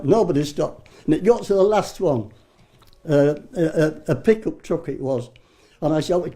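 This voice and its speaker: A man in his nineties tells old war stories in a loose, rambling way. He swears without a second thought and often stops to start a sentence again. His voice sits a little high for a man, with a dark, mellow tone. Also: expressive, normal speed. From Britain. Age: 90s. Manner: rambling, salty storyteller who swears freely and restarts often. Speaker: war veteran interviewee. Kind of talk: casual reminiscing.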